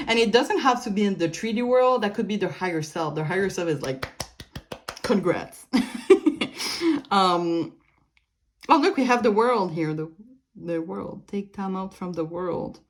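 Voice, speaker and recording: Against slight background noise, a woman talks at normal speed and medium pitch while giving a casual pick-a-card tarot reading. She's from Canada, French is her native language, and she meanders through it with many fillers, restarts, and light laughter.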